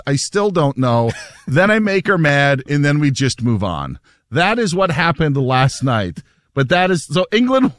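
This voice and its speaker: A male radio host in casual chat, telling stories with lots of laughs. His voice sits a little high and swings widely in pitch. The sound is dry and close. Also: no room sound. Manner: animated, laughing storyteller.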